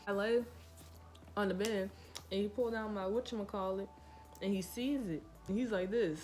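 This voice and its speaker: A woman's voice: fairly high pitch, fairly quick, a little mellow, soft background music. Casual, profane woman telling a vlog story. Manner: casual, profane, full of fillers. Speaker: vlogger.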